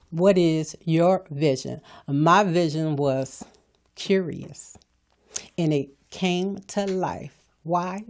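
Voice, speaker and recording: A woman's voice: low voice, a little mellow. A middle-aged woman hosting a motivational podcast, talking in an emphatic, preachy way and repeating her points. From California. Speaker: podcast host. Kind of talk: motivational talk.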